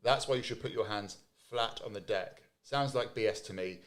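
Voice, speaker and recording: A man co-hosts a relaxed live show, reading out viewer questions. He keeps chiming in with short, agreeable replies. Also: on the low side, normal speed. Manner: agreeable, many short affirmations. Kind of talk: casual live show chat.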